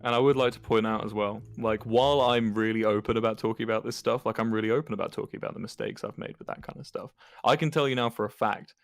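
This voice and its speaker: A man's voice: on the low side, quick pace, creaky, few pauses, no echo. A young British man chatting casually on a podcast and telling frank stories about his past mistakes, swearing freely. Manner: candid storytelling with frequent swearing. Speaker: podcast co-host.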